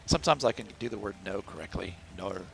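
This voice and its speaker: A man's voice: lowish voice, animated, quick pace, vocal fry, a bit bright, slight background noise, low-quality recording. A man from the central United States streaming a game from home, chatting and rambling to himself as he plays. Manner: chatty, rambling, talks to himself while playing. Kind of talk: casual gameplay commentary. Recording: stream with background music.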